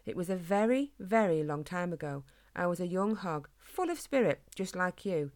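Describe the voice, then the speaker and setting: A woman's voice: on the low side, expressive, normal speed, darkish tone, dry recording, natural voice. Woman reading as father hedgehog, storybook dad, chatty and folksy, dry close sound. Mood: fond.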